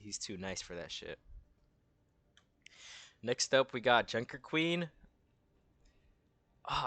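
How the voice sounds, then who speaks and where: Rambling, slangy young man, low voice. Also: a bit bright, dry recording. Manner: rambling, slangy, says bro a lot. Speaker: content creator. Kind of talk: casual commentary.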